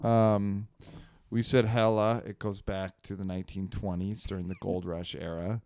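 Podcast co-host, male, from Northern California, smooth resonant voice, dry close sound, loose jokey chat. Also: low voice, little pitch movement, moderate pace, dry recording. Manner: bursts into loud exaggerated character voices. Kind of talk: casual comedic chat.

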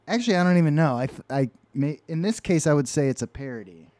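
A man's voice: on the high side, expressive, fast, a little mellow, no room sound. Wry man reading comics, dry sound. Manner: wry, reads comic captions aloud. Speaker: podcast co-host. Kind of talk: casual comedic chat.

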